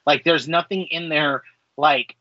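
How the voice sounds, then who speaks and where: A man's voice: fairly high pitch, steady tone, unhurried, no echo, muffled recording. A man in his forties co-hosting a podcast, talking in a rambling casual way full of filler words and ranting. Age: 40s. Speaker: podcast co-host. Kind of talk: casual chat.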